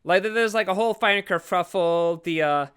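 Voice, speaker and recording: A man's voice: high-pitched, moderate pace, a bit bright, clean tone. A man co-hosting a podcast, casually recapping a movie plot in a rambling way, full of fillers and acted-out quotes. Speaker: podcast co-host.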